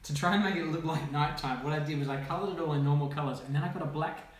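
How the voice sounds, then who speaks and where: A man, a children's author, reading his own picture book aloud with playful, animated commentary and sound effects. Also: fairly high pitch, fast. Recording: echoey room, faint noise.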